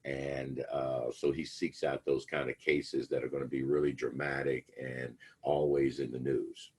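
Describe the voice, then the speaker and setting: A man's voice: a bass voice, level tone, unhurried, husky. A man teaching a class in a loose, rambling way, telling a story and acting out the quoted lines. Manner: rambling storyteller, acts out quotes, many fillers. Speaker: instructor. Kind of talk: casual lecture retelling a film plot.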